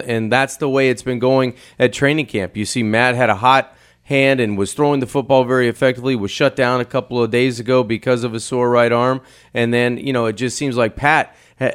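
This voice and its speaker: A man's voice: medium pitch, clean tone. A man giving football analysis on a radio postgame show, often stumbling and repeating words as he starts a thought. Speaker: color analyst.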